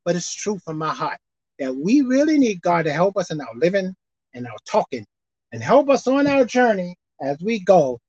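A woman preaching a sermon in a casual, folksy way, swinging between shouted highs and low murmurs. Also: sing-song, moderate pace, breathy edge, dry recording. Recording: dull lo-fi recording.

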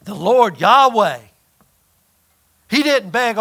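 A man pastor preaching a sermon, swinging between loud emphatic lines and hushed, near-whispered ones. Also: extremely high pitch, expressive, a little slow.

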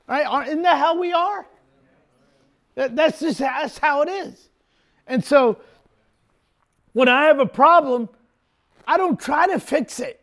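An older man preaching a sermon as pastor, telling the story emphatically and sometimes breaking into shouts. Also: very high voice, lively intonation, a little slow, long pauses.

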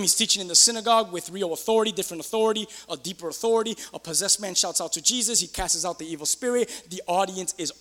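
A man preaching a sermon in church as pastor, excitable, swinging between loud outbursts and quiet asides. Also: high voice, big-room sound.

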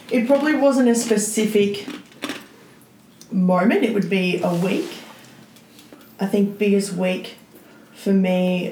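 A woman's voice: fairly low pitch, mellow. A young woman thoughtfully describing her year on a friends' podcast. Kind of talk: casual group chat. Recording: echoey room with faint noise.

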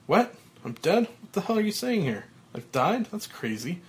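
A man voicing a panicked, manic middle-aged TV executive who shouts in a shrill voice. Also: normal speed, close to an everyday voice.

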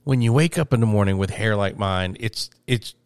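A man's voice: lowish voice, normal speed, smooth, dry recording, studio quality. A middle-aged man co-hosting a casual chat, telling stories with laughter. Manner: animated storyteller, laughs while talking. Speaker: podcast co-host.

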